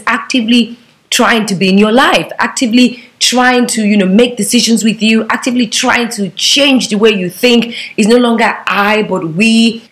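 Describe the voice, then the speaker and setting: A young woman talking straight to camera, giving relationship advice in a sassy, preachy way full of rhetorical questions. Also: medium pitch. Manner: bobs her head while talking. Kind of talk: direct-to-camera advice monologue.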